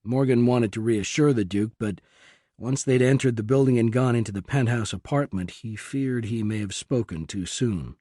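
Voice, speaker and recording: A man narrates a thriller audiobook at an even, measured pace. His voice is mellow and dark, recorded close and dry with no room around it. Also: mid-range voice, no echo. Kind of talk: scripted narration.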